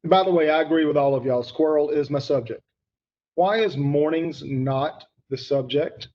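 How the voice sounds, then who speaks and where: Man, teacher, online grammar lesson, emphatic, repeats points, slightly high voice, dull lo-fi sound. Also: normal speed. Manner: emphatic, repeats for effect, addresses students by name.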